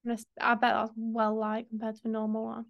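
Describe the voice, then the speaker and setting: A young woman hosts a casual podcast chat. Her voice sits a little high, and she rambles along with plenty of fillers. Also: completely flat delivery, brisk, gravelly, lo-fi sound. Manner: chatty, rambling, lots of fillers. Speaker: podcast host.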